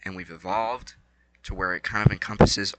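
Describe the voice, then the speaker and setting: A young man rambling casually about a fight night, excitable and slangy, swinging between low mumbles and loud bursts. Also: moderate pace, low-quality recording. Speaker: vlogger.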